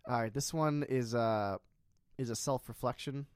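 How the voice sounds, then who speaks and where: A man in his early twenties co-hosting a casual comedy chat, deadpan and hesitant with many fillers. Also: medium pitch, normal speed, smooth, dry recording. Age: 20s. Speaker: podcast co-host.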